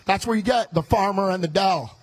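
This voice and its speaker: Chicago guy yelling a rally speech on a fair stage, high husky voice, loud and fast. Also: low-quality recording. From Chicago area. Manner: fast and loud, shouting punchlines. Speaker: running mate at a political rally.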